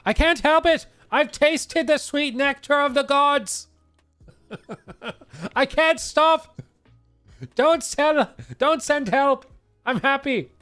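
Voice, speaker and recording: A man voicing a cartoonish tipsy Irishman, high and singsong with an exaggerated brogue. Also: takes it slowly, pauses often, a bit bright, faint music behind, exaggerated voice. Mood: giddy.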